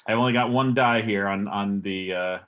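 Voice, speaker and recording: A man playing a tabletop role-playing game, describing his moves slowly and deliberately. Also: on the low side, a bit bright, muffled recording. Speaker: player.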